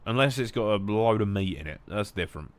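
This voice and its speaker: A young English man chatting casually while gaming, jokey and rambling, with some swearing and bursts of loud mock shouting. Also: fairly low pitch, animated, brisk. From England. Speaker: gaming streamer.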